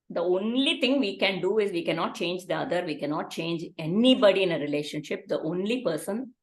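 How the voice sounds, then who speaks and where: A woman facilitating a parenting workshop, speaking in a measured, hesitant way. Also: on the low side. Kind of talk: workshop talk. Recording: echoey room.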